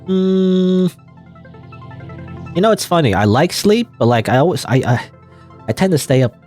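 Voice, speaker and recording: A man's voice: sits high, very animated, unhurried, a little mellow, faint music behind. A man hosting a let's play, casually commenting and reading game text aloud with many fillers and restarts.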